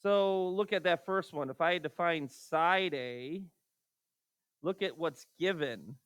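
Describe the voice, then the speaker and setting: A male math teacher lectures through a recorded lesson, his slightly higher voice bouncing between quick mutters and raised, exasperated questions. The sound is close and dry, with no room around it. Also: clean tone, dry recording. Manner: animated, rhetorical questions to students, exasperated asides.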